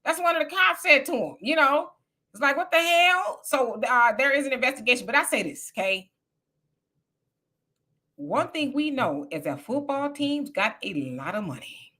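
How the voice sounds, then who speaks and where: A woman's voice: sits high, expressive, normal speed, bright, forceful tone. A woman from California giving blunt, colloquial political commentary on a casual live stream.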